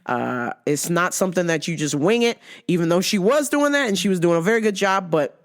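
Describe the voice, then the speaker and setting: Animated, foul-mouthed woman host. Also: lowish voice, a little fast. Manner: animated, swears constantly, laughs often. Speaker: show host. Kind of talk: casual profane recap chat.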